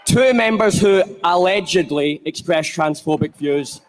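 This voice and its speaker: A man from Glasgow with a Scottish accent giving a measured, earnest political conference speech. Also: fairly high pitch, background noise. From Glasgow, Scotland. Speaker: conference delegate. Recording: reverberant conference hall.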